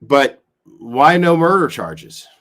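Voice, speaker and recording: Man, stream host, lively up-and-down pitch, loose and casual, laughs a lot. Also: slow pace, a little hiss or hum. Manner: animated, laughing, swearing casually. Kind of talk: casual live-stream commentary.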